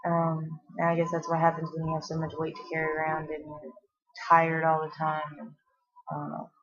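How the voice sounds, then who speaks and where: Breathless, rambling low-voiced pregnant woman. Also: completely flat delivery, a little fast. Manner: chatty, rambling, many fillers and restarts. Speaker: vlogger. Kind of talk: casual pregnancy update vlog. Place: at home, seated. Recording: dull lo-fi home video audio.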